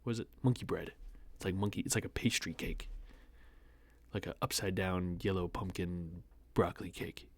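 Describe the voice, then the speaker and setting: A young American man with a low, gravelly voice reads an online post aloud at a moderate pace and steady tone. He's a host doing casual commentary, cutting in with sarcastic, mocking asides.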